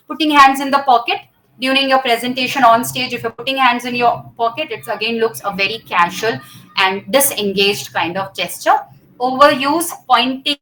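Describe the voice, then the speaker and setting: A woman's voice: fairly high pitch, fairly bright tone, poor audio. A woman teaching students about public speaking gestures, explaining step by step and often checking with "okay?" while she acts out each gesture. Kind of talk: classroom teaching.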